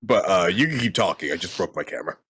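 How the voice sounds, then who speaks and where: A man co-hosting a podcast, chatting casually with teasing, deadpan banter. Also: low voice, fast talker, breathy edge. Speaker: podcast co-host. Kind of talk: casual chat.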